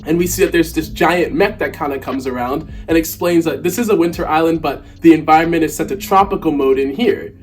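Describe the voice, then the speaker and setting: A man's voice: on the high side, lively intonation, fast, soft background music. A man co-hosting a casual chat, telling a comic story with amusement. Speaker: co-host.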